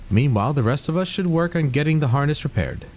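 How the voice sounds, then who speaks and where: A man's voice: on the high side, expressive, fast talker, a little mellow, a little hiss or hum, pitched above the performer's own voice. A man voicing a formal, earnest young male scholar from a video game, reading the dialogue aloud with occasional stumbles.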